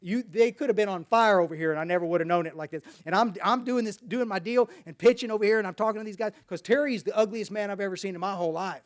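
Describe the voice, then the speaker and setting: A man's voice: sits high, fast talker, few pauses. A man from Dallas, Texas, telling his personal recovery story at a meeting in a folksy, rambling way with many restarts.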